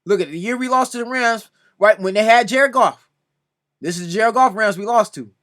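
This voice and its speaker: Man, high and sharp-toned, casual reaction commentary, exasperated and repetitive. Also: moderate pace. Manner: exasperated, repeatedly pleading "come on now"; addresses another commentator directly. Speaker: sports reaction video host.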